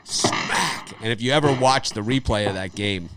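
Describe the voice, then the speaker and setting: A middle-aged man with a lowish voice hosts a sports betting show, chatting casually and fairly quickly while telling rambling stories, laughing often, and repeating phrases. The recording is very noisy.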